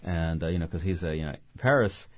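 A man's voice: sits low, a little fast, dry recording, lo-fi sound. A novelist being interviewed. He talks expressively and often restarts mid-phrase. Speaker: novelist guest. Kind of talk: interview conversation.

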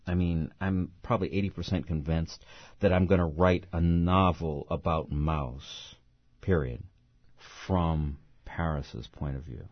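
A man speaks expressively as a novelist guest, often restarting his phrases. His voice is low and husky, and his pitch swings widely. The recording sounds dull and dry. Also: steady tone, unhurried, dry recording. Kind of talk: interview conversation.

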